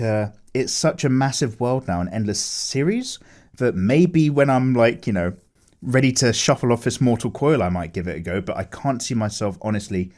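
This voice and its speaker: A man casually chatting with viewers while drawing, animated, with lots of fillers as he reads chat aloud. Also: medium pitch. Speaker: art streamer chatting with viewers.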